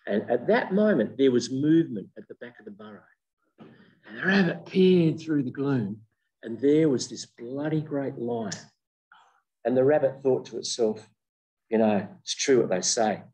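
An older man giving a humorous keynote lecture as a professor, an animated storyteller who jokes as he goes. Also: medium pitch, normal speed, distant mic, dull audio. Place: lecture room with online audience.

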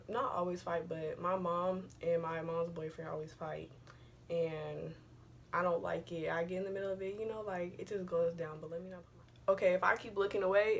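Young woman, storytime vlog, low voice, rambling, cussing, slangy, faint hum behind. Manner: rambling, profane, slangy retelling. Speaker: vlogger telling a story. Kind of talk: casual storytime.

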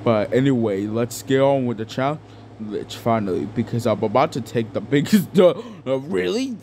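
A man's voice: medium pitch, expressive, moderate pace, warm tone, a little hiss or hum. A young man doing an improvised comedic fan dub, rambling and crude with lots of fillers. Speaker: fan dubber.

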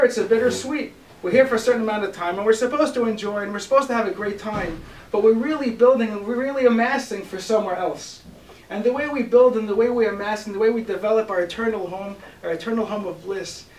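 A rabbi with a high voice preaches a sermon built on stories, acting out each character with lively delivery. He was recorded from some distance in a roomy, echoing hall, with faint hiss under the voice. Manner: animated storyteller who acts out the voices in his stories. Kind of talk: storytelling sermon.

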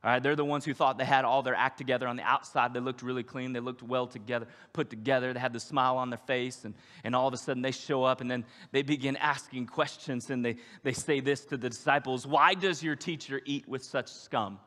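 A man preaching a sermon as a pastor, animated and acting out the voices of the people he quotes. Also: medium pitch, fast talker, hardly any pauses. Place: church sanctuary. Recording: long hall reverb.

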